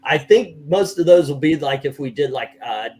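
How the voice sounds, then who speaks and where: A middle-aged man hosting a casual livestream chat, rambling with halting restarts and chuckles. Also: a little high, animated, a crowd in the background. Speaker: host.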